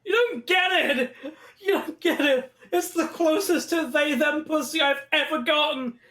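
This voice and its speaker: A man's voice: very high-pitched, measured pace, bright, forceful tone, roomy sound, pitched above the performer's own voice, heavily acted. A man voicing a frantic, addicted male archaeologist who pleads in a whiny, half-laughing voice. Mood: pleading desperate.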